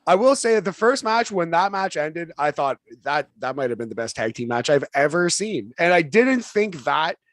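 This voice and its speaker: A man's voice: a little high, very animated, fairly bright tone, no echo, clean studio sound. A man co-hosting a podcast, praising a wrestling show in emphatic casual chat. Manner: emphatic, quick superlatives. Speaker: podcast co-host.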